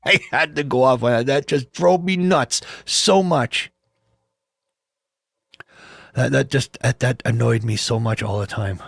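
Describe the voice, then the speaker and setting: A middle-aged man spins long, rambling stories for his viewers, swearing casually and chuckling at his own mishaps. His voice sits at an ordinary middle pitch. The recording is dry and close. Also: measured pace, vocal fry, pauses often, fairly bright tone, no echo. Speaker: livestream host chatting with viewers. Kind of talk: casual storytelling. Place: at home.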